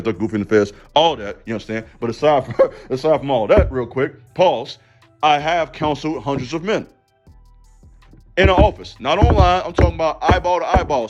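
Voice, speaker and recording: A man giving a passionate, preachy commentary monologue on his channel, direct and full of slang. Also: medium pitch. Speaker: YouTube commentator and counselor.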